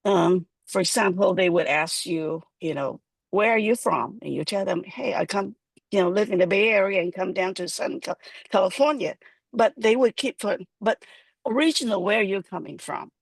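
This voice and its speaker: A woman on a discussion panel, speaking in a measured way with frequent pauses and fillers. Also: mid-range voice, vocal fry, no echo.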